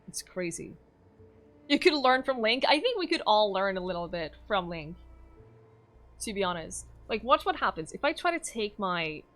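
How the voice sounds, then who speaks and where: A woman's voice: mid-range voice, a bit bright. A woman from Norway, streaming a game and chatting casually, giggling and cooing at her dog.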